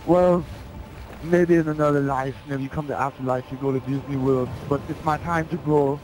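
A man's voice: medium pitch, fairly even intonation, normal speed, a little mellow, a little hiss or hum, lightly acted. A man playing a male cyborg soldier saying farewell, in a clumsy Arnold-style impression with broken grammar. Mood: solemn farewell.

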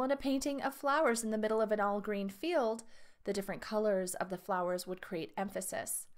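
A woman art teacher reading test review questions and lesson text aloud to her students, with her own asides. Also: mid-range voice. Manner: reads questions and answer choices aloud, adds asides to students.

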